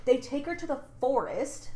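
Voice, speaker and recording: A woman's voice: sits high, big pitch swings, normal speed, warm tone, echoey room. A woman co-hosting a podcast, casually retelling a story in a rambling way, with lots of fillers and swearing. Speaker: podcast co-host. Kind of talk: casual chat retelling a book plot.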